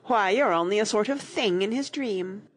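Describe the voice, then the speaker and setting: A woman voicing a squabbling, contrary boy twin who talks emphatically and with contempt, in a breathy voice. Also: medium pitch, normal speed, voice pushed up, close to an everyday voice. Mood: contemptuous.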